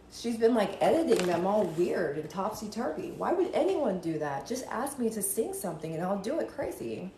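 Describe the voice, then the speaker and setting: A woman chatting on a live stream from home in a gossipy, animated way, now and then drifting into sing-song lines. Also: mid-range voice, brisk, few pauses, a little hiss or hum. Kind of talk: rambling casual live-stream chat. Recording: roomy echo with faint ambience.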